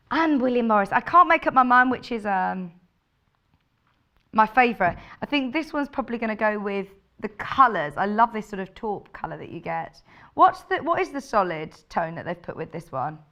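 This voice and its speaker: A woman's voice: a little high, sing-song, normal speed, pushed and bright, highs cut off. A woman presenting fabrics live on a shopping channel, chatty and gushing as she reads out viewer messages. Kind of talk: live on-air product presentation.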